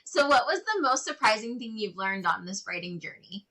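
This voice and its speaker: Bright, husky woman host. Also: mid-range voice, animated, moderate pace, rough recording. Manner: enthusiastic, encouraging. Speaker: podcast host. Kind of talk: casual interview chat.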